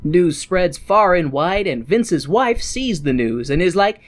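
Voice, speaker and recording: Animated podcaster recapping a film. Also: medium pitch, a little slow. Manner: animated, profane, laughs often. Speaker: podcast host.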